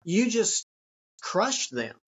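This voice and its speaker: A man speaking as a guest author in a conversational interview, earnest and reflective, sometimes acting out an excited child's voice. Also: high voice, very slow, husky, lo-fi sound.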